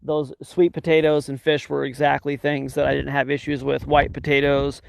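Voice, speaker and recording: A man's voice: mid-range voice, little pitch movement, normal speed, gravelly. A man chatting as a guest on a live health stream, agreeable and telling stories about himself. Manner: agreeable, storytelling. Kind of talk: casual chat.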